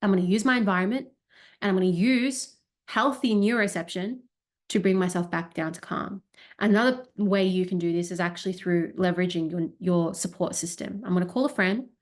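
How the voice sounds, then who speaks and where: A woman's voice: lowish voice, fairly quick. A woman coach gives an educational talk and demonstrates by voicing her body sensations aloud. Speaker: wellness coach.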